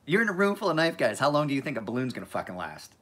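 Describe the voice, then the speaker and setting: A man's voice: medium pitch, big pitch swings, very fast, fairly bright tone. A man hosting a casual live stream, rambling in a laid-back way, swearing freely and laughing often.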